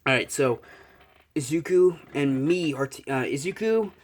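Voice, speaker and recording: A young man improvising a fan story out loud, rambling and correcting himself, swearing casually. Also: fairly high pitch, animated, unhurried.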